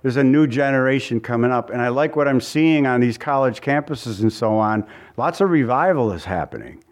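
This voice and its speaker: Earnest pastor preaching conversationally. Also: male voice, expressive. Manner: earnest, conversational preaching with repeated phrases and asides; reads scripture in a slower, lower voice. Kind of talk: sermon.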